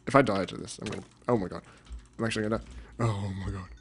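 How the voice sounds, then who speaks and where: A young man rambling through casual let's-play commentary, deadpan and cursing now and then. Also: lowish voice, rapid-fire, vocal fry, slight background noise. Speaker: gamer.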